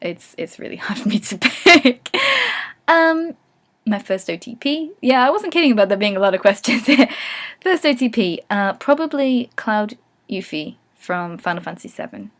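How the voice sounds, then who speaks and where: Young Englishwoman with a regional accent, a vlogger chatting candidly, quick to swear in mock rants. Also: on the high side, lively intonation. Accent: English regional, non-RP. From England. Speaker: vlogger answering follower questions. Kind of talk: casual chat.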